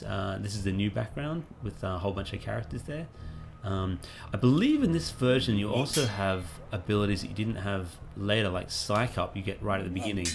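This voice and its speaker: A man, a game developer giving rambling, relaxed gameplay commentary with plenty of fillers. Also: lowish voice, vocal fry.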